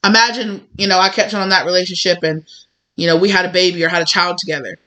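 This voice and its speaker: A woman with a bright, clear tone talks through a spiritual tarot reading. She rambles in a conversational way, leaning on fillers and slipping into small acted-out exchanges. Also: lowish voice, steady tone, quick pace. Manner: rambling, conversational, full of "you know" and acted-out mini dialogues. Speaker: tarot reader.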